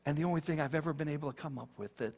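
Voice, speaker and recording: A man's voice: a little high, very fast, gravelly, a little mellow, big-room sound. A man giving a sermon-style personal testimony, telling his story vividly with repetition and acted quotes.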